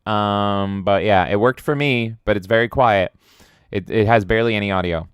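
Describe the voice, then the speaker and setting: A man streaming from home, chatting casually as he reads out viewer comments, excitable and swearing, often jumping into loud silly voices. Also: lowish voice, normal speed, clean tone, no room sound, muffled recording.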